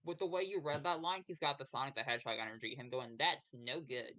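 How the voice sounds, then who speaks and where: A man's voice: medium pitch, lively intonation, fast, pushed and bright. Wry, dry-humored man gaming. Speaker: guest playing the game. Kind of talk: casual stream chat.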